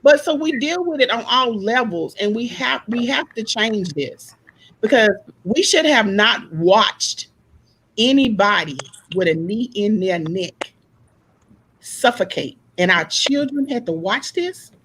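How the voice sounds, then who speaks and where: A woman in a casual panel discussion, telling stories in an animated way and acting out the people she quotes. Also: fairly high pitch, unhurried, slight background noise, poor audio. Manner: animated storyteller, acts out quoted voices. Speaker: panel guest.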